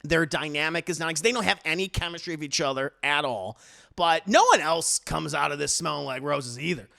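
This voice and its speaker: A man giving a casual, profane movie review on a live stream, animated and slipping into mock voices for the characters. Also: on the high side, fairly quick, gravelly. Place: home streaming setup. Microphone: desk mic on a live stream.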